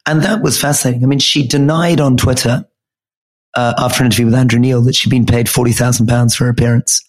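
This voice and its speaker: A man co-hosting a political discussion podcast, talking in a croaky voice as he loses it, measured and listing names and facts. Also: medium pitch, fairly even intonation. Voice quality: husky. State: croaky, losing his voice. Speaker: podcast co-host.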